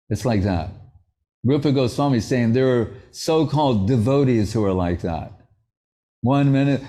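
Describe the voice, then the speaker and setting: A man's voice: mid-range voice, normal speed, warm tone. A man giving a devotional lecture in a conversational, anecdotal way, with playful asides. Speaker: spiritual teacher.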